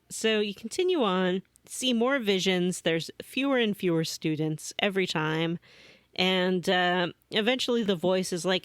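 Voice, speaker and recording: A woman co-hosting a casual gaming podcast, telling her playthrough as an animated storyteller who slips into mock voices for the characters. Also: fairly low pitch, moderate pace, dry recording, clean studio sound. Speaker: podcast co-host.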